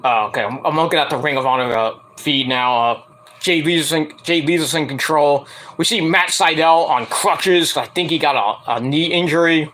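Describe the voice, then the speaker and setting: Man, fairly high voice, bright tone, casual rambling review, profane, lots of fillers. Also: normal speed. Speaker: wrestling show reviewer.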